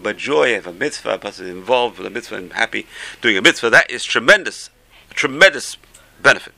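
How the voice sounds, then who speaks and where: A man, a rabbi, giving an animated Torah class, telling stories and mixing in Hebrew phrases. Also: on the low side, fairly quick, creaky.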